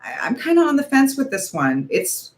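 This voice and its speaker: A woman's voice: sits high, very animated, moderate pace. A woman in her forties hosting a casual beauty livestream, talking in a nervous, rambling, hedging way. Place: home, ring light.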